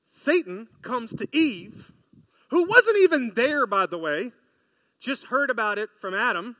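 A man preaching a sermon in an animated, conversational way, often asking his listeners questions. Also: very high voice, a little slow, no room sound. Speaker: pastor. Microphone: close mic, podcast.

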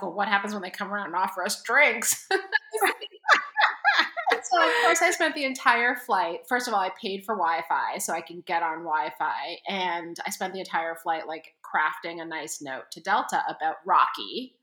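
A woman tells a story on a podcast, casual and animated, acting out each person she quotes. Her voice is bright and forward, and the room around her sounds echoey. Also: lowish voice, normal speed, few pauses. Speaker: podcast co-host.

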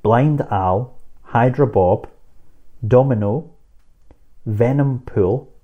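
A man's voice: mid-range voice, husky, highs cut off. A man co-hosting a casual chat, joking and laughing as he reads out listener emails. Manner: laughing, joking, quick asides. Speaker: podcast co-host.

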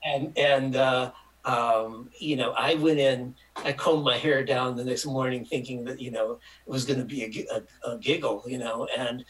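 A man's voice: mid-range voice, moderate pace, rough recording. An older man from Michigan telling a long, rambling story as an interview guest, acting out the voices of people in it. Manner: rambling, animated, acts out quotes. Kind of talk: casual anecdotal storytelling.

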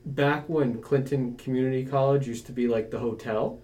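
A man's voice: medium pitch, steady tone, normal speed, dark tone. A man co-hosting a local newspaper podcast in casual chat, chatty and laughing easily. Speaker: podcast co-host, sports editor.

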